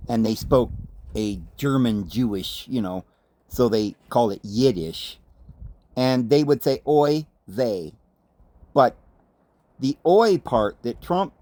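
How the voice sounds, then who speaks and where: A man's voice: mid-range voice, darkish tone, no echo. A man from the United States hosting a commentary monologue, speaking emphatically with rhetorical questions and asides. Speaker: host.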